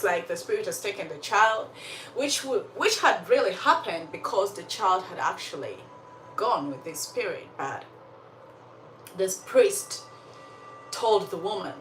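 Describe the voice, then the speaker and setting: A woman telling a story in a casual, animated way, with emphatic asides and religious commentary. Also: medium pitch, slow pace. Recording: echoey room, slightly far from mic, faint background noise.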